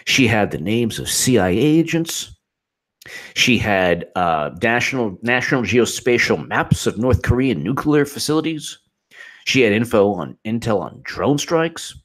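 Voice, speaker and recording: A man's voice: medium pitch, very animated, unhurried, fairly bright tone. A man hosting his own political commentary channel, talking off the cuff in a sarcastic, incredulous and exasperated way.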